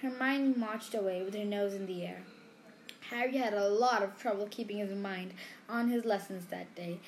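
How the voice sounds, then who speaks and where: A woman reading a storybook aloud, unhurried, with small slips. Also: mid-range voice, slight background noise. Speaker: reader.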